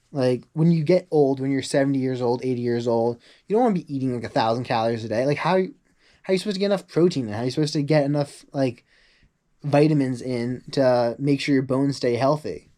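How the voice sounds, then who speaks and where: A young man talking casually in a rambling vlog monologue, full of "like" asides, acting out quoted people in a higher voice. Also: fairly quick, dark tone. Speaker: vlogger.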